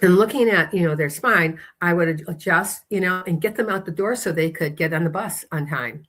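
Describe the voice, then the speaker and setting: A woman's voice: lowish voice, fairly quick, a bit bright. A woman chiropractor, a podcast guest, telling long rambling stories and acting out the people she quotes. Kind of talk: casual interview storytelling.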